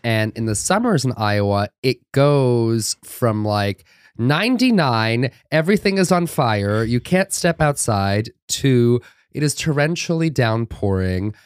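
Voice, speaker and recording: A male podcast co-host chatting casually on a close studio mic. His pitch swings widely as he tells his stories with dramatic, sassy flair. The sound is dry and close. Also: measured pace, smooth, no room sound. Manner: animated storyteller, dramatic and sassy.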